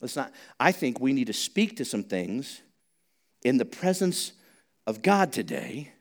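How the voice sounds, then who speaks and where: A male pastor preaching a sermon in church, chatty and joking at times, then rising to loud, emphatic preaching. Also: medium pitch, sing-song, measured pace. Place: church sanctuary.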